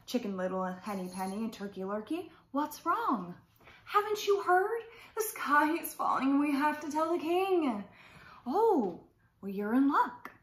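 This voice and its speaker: A woman's voice: high-pitched, a bit bright, full character voice. A crafty fox coaxes in a falsely friendly, sliding voice, as a woman storyteller plays him. The recording has a roomy echo. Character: sly smooth-talking fox.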